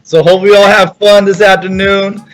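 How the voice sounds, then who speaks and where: A man's voice: high-pitched, little pitch movement, moderate pace, a bit bright, poor audio. A man hosting a school quiz segment, upbeat as he puts questions to the teachers. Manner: upbeat, reads questions to contestants. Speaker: quiz host.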